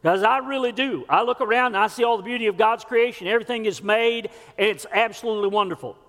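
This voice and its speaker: A man's voice: high voice, fast, fairly bright tone. A male pastor preaching a sermon, earnest and folksy, with scripture and homespun stories. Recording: long church hall reverb.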